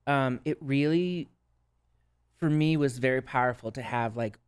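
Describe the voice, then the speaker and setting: Speaking as a podcast guest, this Minnesota-accented man, a substance use counselor, shares his personal story earnestly and thoughtfully in a casual conversation, often adding "right?". His smooth voice sits mid-range, and he talks a little slowly.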